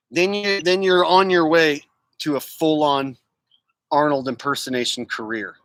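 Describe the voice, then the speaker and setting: A man's voice: a little high, moderate pace, fairly bright tone, no room sound, poor audio. A man streaming live, chatting in a rambling, jokey way and reading out viewer comments. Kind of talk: casual livestream chat.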